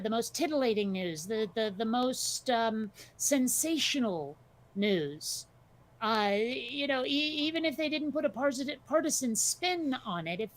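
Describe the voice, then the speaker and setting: A woman co-hosting a casual podcast chat, talking bluntly, swearing freely and telling stories with energy. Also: on the high side. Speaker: podcast co-host.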